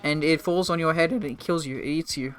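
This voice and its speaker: Young male streamer, bright profane chatter. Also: fairly high pitch, a little fast, faint music behind. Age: 20s. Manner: rambling, profane, joking with chat. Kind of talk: casual live gameplay commentary.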